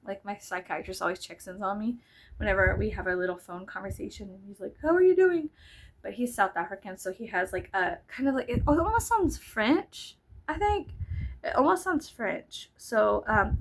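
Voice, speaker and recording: A woman's voice: medium pitch, expressive, normal speed, slight background noise, rough recording. A woman in her thirties chatting casually in a vlog, rambling with lots of fillers and asides. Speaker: vlogger. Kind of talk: casual chat.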